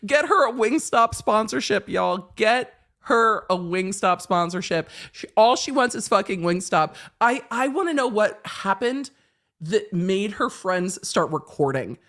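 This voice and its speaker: A woman's voice: medium pitch, a little slow. A middle-aged woman hosting a legal commentary livestream, chatting casually and laughing, with plenty of swearing. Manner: animated, laughing, swearing freely.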